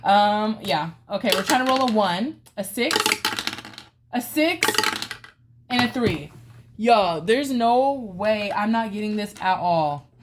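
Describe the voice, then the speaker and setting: A woman's voice: medium pitch, lively intonation, slow, noisy background. A woman hosting a casual budgeting vlog, chatting through dice-roll savings games with playful groans and cheers. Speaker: budgeting channel host.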